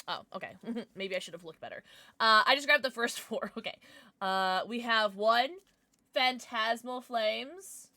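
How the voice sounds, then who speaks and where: A woman's voice: a little high, pushed and bright, no room sound. A woman hosting a casual livestream, bubbly and chatty as she greets her viewers by name and blows them kisses. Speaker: livestream host.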